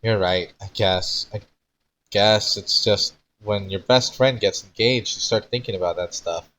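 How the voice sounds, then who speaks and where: A man's voice: fairly low pitch, a little slow, fairly bright tone. A man voicing an anxious young man who frets about love and gets flustered easily. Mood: resigned. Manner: fretful, flustered.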